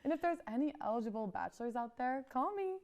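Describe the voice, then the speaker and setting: Casting: young woman co-host, giggly, playful, slightly high voice. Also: animated, quick pace, darkish tone. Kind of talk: comedic college talk show banter.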